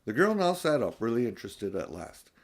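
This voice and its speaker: A man's voice: medium pitch, sing-song, fairly quick. Older man reading a storybook aloud. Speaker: audiobook narrator. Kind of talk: storybook narration.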